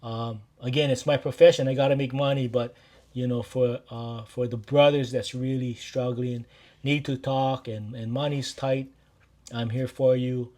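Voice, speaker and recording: A man's voice: mid-range voice, steady tone, moderate pace. Man with a Hawaiian Pidgin lilt. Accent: Hawaiian Pidgin-tinged English. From Maui, Hawaii. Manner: warm, repetitive, addresses listeners directly. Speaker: life coach. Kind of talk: casual direct-to-camera talk.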